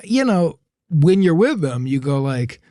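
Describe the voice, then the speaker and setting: A man with a somewhat raised pitch tells a story as a podcast guest, acting out each line of dialogue with lots of laughter. The sound is dry and close, with no room echo. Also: a little slow. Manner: animated, acts out quoted dialogue, laughs often. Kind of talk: casual storytelling.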